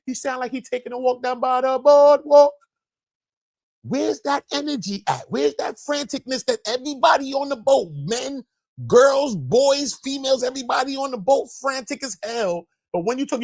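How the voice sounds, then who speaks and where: A man's voice: lively intonation, a little slow, darkish tone. A man hosting a live stream, reacting in casual slang with a lot of swearing. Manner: slangy and profane, with big swings of pitch.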